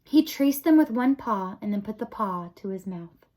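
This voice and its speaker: Expressive woman reading a storybook. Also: mid-range voice, normal speed. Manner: expressive, lively. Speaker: audiobook reader. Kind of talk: storybook narration.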